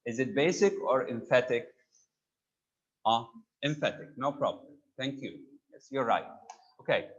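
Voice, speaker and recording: A man's voice: medium pitch, expressive, measured pace, dull audio. A man teaching a grammar class online, patiently prompting students by name for answers.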